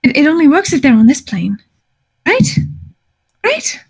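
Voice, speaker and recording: A woman voicing a gentle, small winged female companion who talks in a soothing, reassuring way. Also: high voice, wildly swooping pitch, measured pace, heavily acted.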